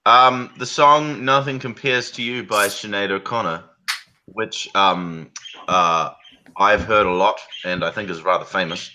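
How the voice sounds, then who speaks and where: A man's voice: fairly low pitch, unhurried, bright, forceful tone. A man with a New Zealand accent, a guest on an online chat show, telling rambling stories with chuckles. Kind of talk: casual chat.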